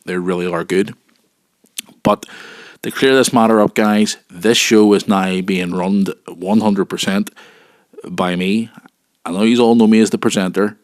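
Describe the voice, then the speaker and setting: Earnest podcast host, fairly low voice. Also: male voice, no echo, studio quality. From United Kingdom. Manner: earnest and emphatic, repeats himself, gets excited. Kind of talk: solo wrestling podcast talk. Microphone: home podcast mic.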